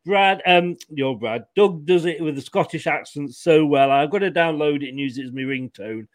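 A jovial man rambles through a casual chat, chuckling between his thoughts. His voice sits a little high for a man. The sound is dry and close, with no room echo. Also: normal speed.

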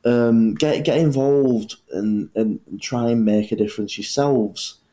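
A man's voice: mid-range voice, a little slow, warm tone. A man from North West England co-hosting a casual podcast, often hesitating and repeating words as he starts a thought. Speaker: podcast co-host. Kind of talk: casual chat.

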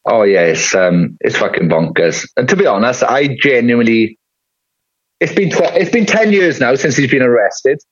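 A guest musician from Wales, speaking with a Welsh Valleys accent, chats candidly on a podcast, rambling through stories and swearing freely. His mid-range voice is animated at a normal speed, and the audio is dull.

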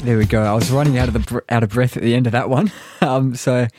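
A man's voice: medium pitch, fairly even intonation, fast talker, over music. A man hosting a casual quiz, teasing his guest and laughing often. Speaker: quiz host.

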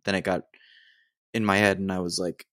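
A man's voice: deep voice, flat delivery, normal speed, a bit bright, no room sound, studio quality. An American man hosting a solo podcast, rambling and ranting in a mock-exasperated way with lots of digressions. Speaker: podcast host. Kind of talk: casual solo podcast rant.

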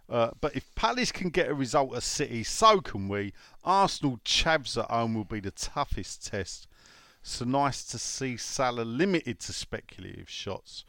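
A man's voice: mid-range voice, a bit bright, no echo, clean studio sound. A man hosting a casual chat show, rambling and joking as he reads out listener comments. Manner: rambling, joking, many fillers and restarts. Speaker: podcast host.

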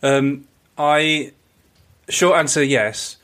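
A man's voice: on the high side, drawn-out words, a bit bright. A man co-hosting a podcast in casual chat, rambling and hesitant, with lots of restarts. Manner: rambling, hesitant, many fillers. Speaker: podcast co-host.

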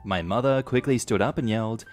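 A man narrating a first-person story from an online forum in a steady, even-handed voice at a mid pitch. Faint music runs low underneath him. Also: brisk. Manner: steady, matter-of-fact storytelling. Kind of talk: scripted narration of online stories.

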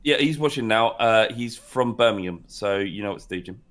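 A man co-hosting a podcast in casual chat, teasing and cutting in with quick comments. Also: on the low side, a bit bright. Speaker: podcast co-host.

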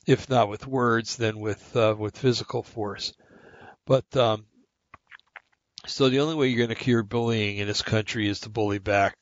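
A man's voice: lowish voice, dry recording, muffled recording. An older man hosting a podcast, giving a blunt, rambling, opinionated monologue that restarts often. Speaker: podcast host.

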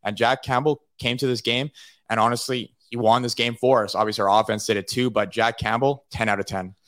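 A man, the producer of a hockey talk show, jumps into the discussion with rapid, emphatic takes. His voice sits at an ordinary mid pitch and he talks fast. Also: steady tone, fairly bright tone. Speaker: producer chiming in. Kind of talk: casual sports talk show.

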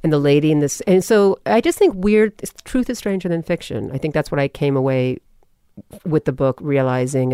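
Animated woman telling a personal story. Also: fairly low pitch, no room sound, clean studio sound. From California. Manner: animated storyteller, quotes people in voices. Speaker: guest. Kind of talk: casual interview talk.

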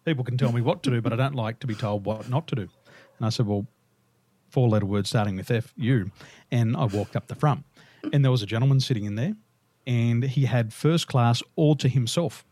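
An Australian man, a guest on an interview, telling lively stories and laughing through them. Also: medium pitch, brisk. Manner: animated, laughs through his own stories. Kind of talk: casual storytelling interview.

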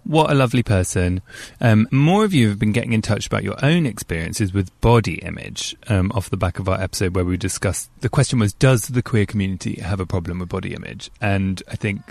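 Male podcast host, lowish gravelly voice, dry close mic, chatty and self-mocking. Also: a little fast, no echo. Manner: chatty, self-deprecating, animated asides. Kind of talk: casual podcast monologue. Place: outdoors in a car park. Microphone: handheld microphone.

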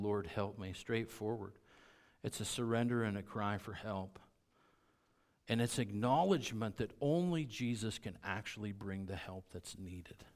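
Emphatic middle-aged male preacher. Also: fairly low pitch. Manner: emphatic, repeats key phrases, drops to quiet intensity. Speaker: pastor. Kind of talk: sermon.

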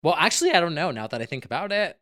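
Podcast co-host, dry jokey way of talking, casual chat, medium pitch. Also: very animated, very fast, a bit bright. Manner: dry, joking and offhand.

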